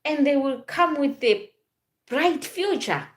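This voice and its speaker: Woman in her forties, from southern Africa, casual vlog talk, halting and repetitive. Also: high-pitched, lively intonation. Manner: halting, repeats and restarts phrases. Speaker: vlogger.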